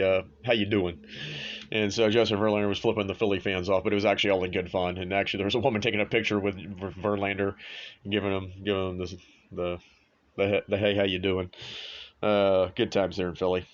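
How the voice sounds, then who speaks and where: A man's voice: on the low side, level tone, brisk, lo-fi sound. A man hosting a sports show, talking casually and bluntly, with frequent swearing and offhand asides. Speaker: sports podcast host. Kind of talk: casual sports and betting talk.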